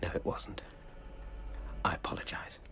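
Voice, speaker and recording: An actor playing an uptight, quick-tempered man who speaks in a tense, clipped way. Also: whispered, close to an everyday voice. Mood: apologetic.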